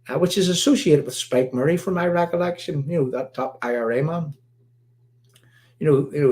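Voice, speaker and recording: A man from Ireland, hosting a political commentary livestream in an emphatic, repetitive, halting way. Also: mid-range voice, darkish tone. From Northern Ireland. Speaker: livestream host.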